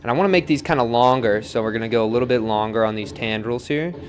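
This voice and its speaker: A young man chatting casually while demonstrating on the pottery wheel, reading viewer comments and counting softly as he works. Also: mid-range voice, quick pace. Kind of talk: live-streamed pottery demo, casual teaching. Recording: faint music in background.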